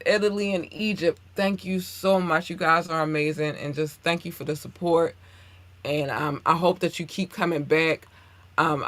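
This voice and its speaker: A woman hosting her own podcast, talking casually in an animated, blunt and profane way with plenty of fillers. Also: lowish voice, no echo. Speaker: podcast host. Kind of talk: casual solo podcast talk.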